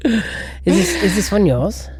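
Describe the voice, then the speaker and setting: Podcast co-host reading a mystery aloud. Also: male voice, sits high, huge pitch swings, unhurried, a little mellow, husky, no echo. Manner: reads with drama, breaks off to joke and comment. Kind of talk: casual chat and reading a story aloud.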